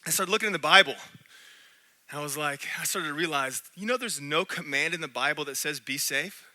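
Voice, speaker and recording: A man preaching a sermon in a church, animated, swinging between loud and hushed. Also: a little high, brisk. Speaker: pastor.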